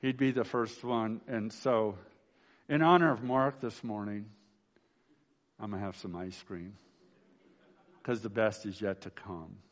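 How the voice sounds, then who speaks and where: A man's voice: on the low side, a little slow, long pauses. Folksy man preaching a memorial sermon. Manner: folksy storytelling with frequent restarts and "right?". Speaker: pastor. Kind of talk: funeral sermon.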